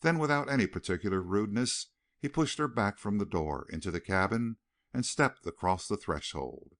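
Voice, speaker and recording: A man narrating a western novel as an audiobook, reading in an expressive, dramatic way. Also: on the low side, moderate pace. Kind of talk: scripted narration.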